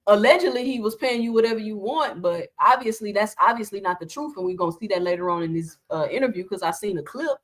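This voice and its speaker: A woman's voice: mid-range voice, lively intonation, quick pace, hardly any pauses. A woman hosting casual boxing reaction commentary, talking animatedly and piling up rhetorical questions.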